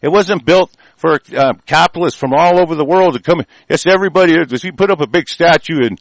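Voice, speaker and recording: A man's voice: on the high side, fairly quick, dry recording, poor audio. Man, political rant, heated, rambling, stumbling fillers, dry close sound.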